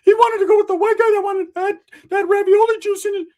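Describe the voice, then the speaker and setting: A man voicing his excitable young male cousin in a high, squeaky, loud voice while telling a story. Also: quick pace. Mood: excited, frantic.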